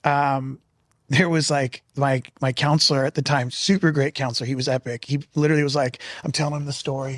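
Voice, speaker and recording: A man in a candid roundtable discussion, telling stories with animated acted-out quotes and laughter. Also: mid-range voice, brisk, no echo, clean studio sound. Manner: animated storyteller who acts out quotes and laughs. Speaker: roundtable guest.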